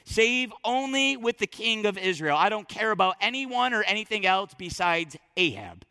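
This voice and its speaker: A man's voice: sits high, very animated, normal speed, bright, forceful tone, clear, resonant tone, exaggerated voice. A man voicing a single-minded ancient enemy king who gives orders bluntly. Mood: commanding. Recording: long reverb in large hall.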